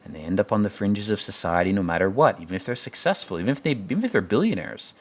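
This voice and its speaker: Guy ranting about a tv episode, low voice but swings all over, swears a lot, rambles. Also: animated, fast talker. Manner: blunt, profane, rambling, with mocking quoted voices. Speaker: podcast host commenting on a TV episode. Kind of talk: casual opinionated commentary.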